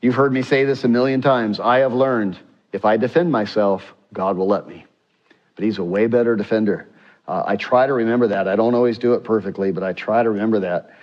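Animated preaching man, dull recording. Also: fairly low pitch, fairly quick. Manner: animated, acts out scripture quotes with rising voice; rhetorical questions to the congregation. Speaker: pastor. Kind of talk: sermon.

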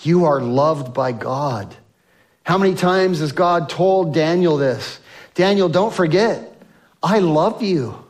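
A male pastor preaching a sermon to his congregation on a microphone, swinging between loud emphasis and soft, slow lines. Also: fairly high pitch, animated. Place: church sanctuary with congregation.

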